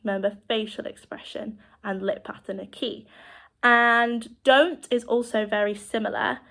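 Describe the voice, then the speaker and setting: A woman with a British accent teaching children sign language, speaking slowly and clearly as she demonstrates each word. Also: fairly high pitch, fairly even intonation, a bit bright. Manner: slow, clear demonstrating speech.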